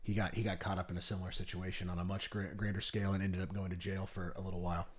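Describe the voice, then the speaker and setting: A man's voice: low voice, flat delivery, very fast, slightly rough. A young man co-hosting a podcast in casual chat, telling stories in a rambling way and often correcting himself. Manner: rambling, self-correcting storyteller. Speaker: podcast co-host.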